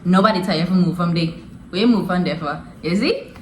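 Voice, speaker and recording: A woman voicing her scolding mother, firing off loud, angry questions. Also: lowish voice, fairly quick, slight background noise, close to an everyday voice. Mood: cursing. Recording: roomy echo.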